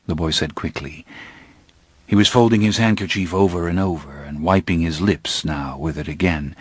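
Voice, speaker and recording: A man narrating an audiobook in a measured, even way. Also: low voice, breathy edge, dry recording. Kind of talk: scripted narration.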